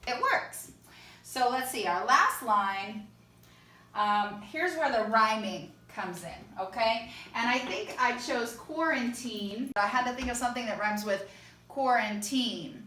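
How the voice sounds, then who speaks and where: A woman music teacher with a high-side, sharp voice and lively intonation leads an online songwriting lesson at an unhurried pace. Step by step she explains, singing short lines to check them, in an echoey room a little distant from the mic.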